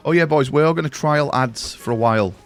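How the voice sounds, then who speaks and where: A man's voice: fairly high pitch, brisk, soft background music. A young British man chatting casually with his live-stream viewers, swearing freely and calling them mate. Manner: chatty, sweary, addresses chat as boys and mate.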